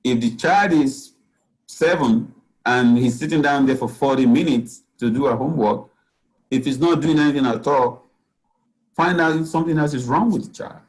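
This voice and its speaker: Guy, doctor giving parenting tips, earnest, lots of you-knows, mid-pitched. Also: normal speed, poor audio. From Nigeria. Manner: earnest, advice-giving, frequent "you know" fillers. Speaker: guest speaker, physician. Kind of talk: parenting talk.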